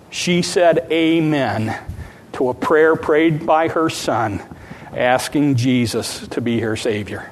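A man preaching as a pastor, retelling a story and building to fervent preaching. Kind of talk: sermon. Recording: long hall reverb, faint rumble.

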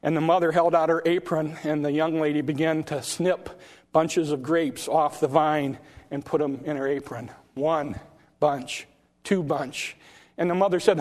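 A man preaching a sermon, telling a story with repeated restarts and loud swells at high points. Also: fairly even intonation, unhurried.

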